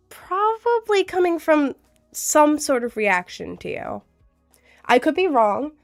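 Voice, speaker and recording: Chatty young woman streamer, high voice. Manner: chatty, earnest, advice-giving with lots of fillers. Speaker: streamer giving relationship advice to chat. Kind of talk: casual livestream chat.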